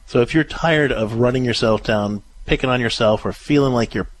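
A man hosting a call-in radio advice show, gentle and reassuring, his voice often dropping softer at the ends of phrases. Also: mid-range voice, brisk. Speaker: radio show host and counselor.

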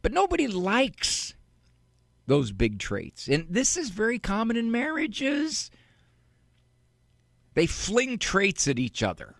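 A man hosting a call-in advice radio show, teaching in a deliberate way and firing off rhetorical questions. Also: high-pitched, wildly swooping pitch, gravelly, a bit bright, no echo, studio quality.

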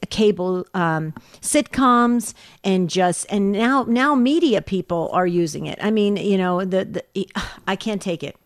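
A woman's voice: medium pitch, no room sound, clean studio sound. A woman co-hosting a Catholic talk radio show, speaking emphatically and with passion, often repeating words for stress. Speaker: radio co-host.

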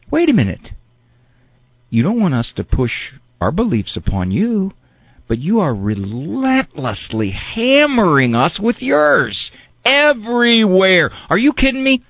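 A man's voice: fairly high pitch, dry recording, muffled recording. A man hosting a podcast, delivering an emphatic, indignant monologue full of rhetorical questions. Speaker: podcast host. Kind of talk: spoken monologue commentary.

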